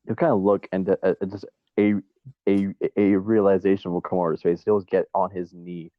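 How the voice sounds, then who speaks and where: A man's voice: low voice, flat delivery, brisk, no echo, dull audio. A man playing in a tabletop game who describes his character's actions hesitantly, with many restarts. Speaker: player.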